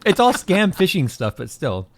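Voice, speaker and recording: A man's voice: sits high, wildly swooping pitch, moderate pace, no room sound. A man co-hosting a casual livestream, answering in a laid-back, drawling way. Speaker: streamer co-host.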